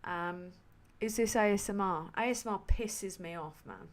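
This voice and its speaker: A woman's voice: medium pitch, normal speed. A woman hosting a livestream, chatting casually about politics in a sweary, rambling, sardonic way full of fillers. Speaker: livestream host.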